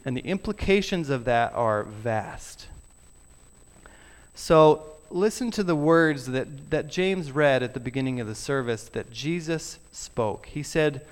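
A man preaching a sermon in a church, earnest, dropping his voice softly on key words. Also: medium pitch, expressive, measured pace. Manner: earnest, drops to soft emphasis on key words. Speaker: pastor. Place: church sanctuary.

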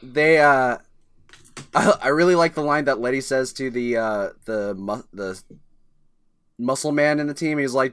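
A man's voice: mid-range voice, unhurried, a bit bright, clean tone. A man in casual chat about a movie, rambling and restarting, laughing easily. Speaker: movie discussion panelist.

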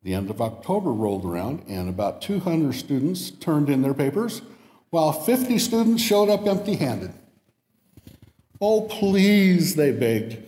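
A man's voice: mid-range voice, very animated, moderate pace, dark tone. A man giving a sermon in a church and reading a story aloud, lifting his voice for the quoted lines. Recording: echoey hall with long reverb.

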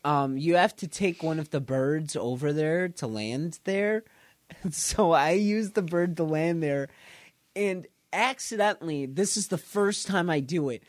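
A man on a casual podcast retelling a video game scene in a rambling, animated way, acting out quoted lines and laughing and swearing as he goes. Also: on the high side, unhurried, dry recording. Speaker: podcast co-host or guest.

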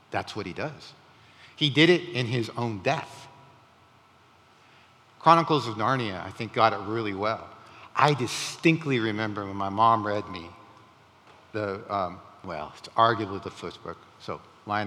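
A man preaching a sermon in a conversational, animated way, with rising emphatic questions. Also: mid-range voice, long reverb tail. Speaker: pastor.

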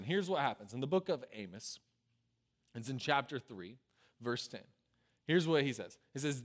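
A man preaching a sermon, swinging from loud urgent pleading to quiet, low asides. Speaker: pastor.

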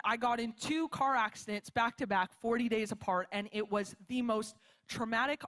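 A young woman preaches to a church gathering, telling a personal story in a chatty, animated way. Her voice sits a little high for a woman, and she acts out the quotes as she goes. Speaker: missionary preacher. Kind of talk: sermon with storytelling. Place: church hall with live audience.

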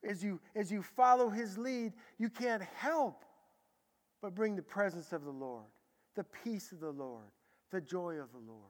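A man preaching a sermon as a pastor, telling stories with sudden loud bursts and hushed, quiet stretches. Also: high-pitched, measured pace. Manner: animated storytelling, swinging from loud bursts to hushed tones. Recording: long hall reverb.

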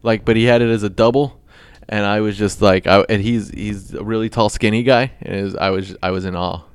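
Smooth-voiced joking podcast man. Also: lowish voice, fairly even intonation, brisk. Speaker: podcast co-host. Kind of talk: casual chat.

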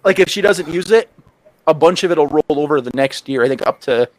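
A man's voice: a little high, lively intonation, poor audio. A man who drives trucks, chatting casually with friends in a blunt, profane way. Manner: blunt, swears, drawn-out asides. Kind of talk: casual chat among friends.

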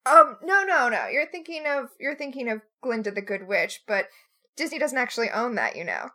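A woman's voice: fairly high pitch, big pitch swings, moderate pace, bright, forceful tone. A woman co-hosting a casual podcast chat, sarcastic and given to mock outrage. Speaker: podcast co-host.

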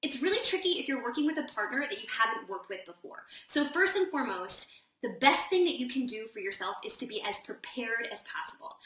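A woman's voice: on the high side, expressive, a little fast, fairly bright tone, distant mic. A woman hosting a casual live Q&A, chatty and gushing, with lots of "like" fillers. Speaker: host of a live advice session. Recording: roomy echo, set back from the mic, faint noise.

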